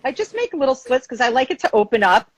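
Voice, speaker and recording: A chatty woman from Long Island, pitched a little high, talks relaxed through a home cooking demo. She's on a video call from her kitchen, with a faint hiss of background noise. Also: fast talker, low-quality recording. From Long Island, New York. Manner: chatty, relaxed, lots of "like" fillers. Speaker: guest chef. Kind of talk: casual cooking demonstration.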